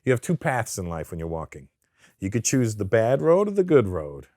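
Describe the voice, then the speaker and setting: A man with a fairly low voice chats in a studio interview, recorded close and dry. He talks loosely and profanely, restarting sentences, and slips into animated impressions when he tells a story. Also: moderate pace, dry recording. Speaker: comedian guest. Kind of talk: casual interview chat.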